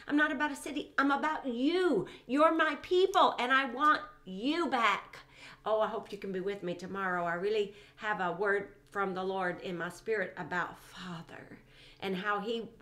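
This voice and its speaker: A woman with a voice on the high side leads a verse-by-verse Bible study with emphasis. She repeats phrases for stress and breaks in with soft exclamations between readings.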